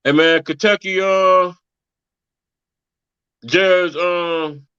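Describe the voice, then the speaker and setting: A man's voice: sits high, fairly even intonation, extremely slow, sharp tone, clear, resonant tone, no room sound, muffled recording. A man co-hosting a podcast in casual, profane chat, ending many lines with "man.". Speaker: podcast co-host.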